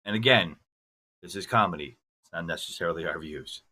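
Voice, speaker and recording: A man's voice: deep voice, fairly quick, pushed and bright. A man co-hosting a podcast in casual, joking banter. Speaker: podcast co-host. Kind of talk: casual chat.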